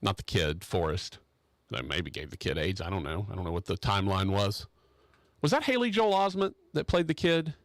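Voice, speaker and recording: A man's voice: deep voice, very animated, normal speed, dry recording. A man hosting a radio talk show from the studio, riffing on a topic in a rambling, joking, opinionated way with plenty of restarts. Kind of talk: casual opinionated radio chat.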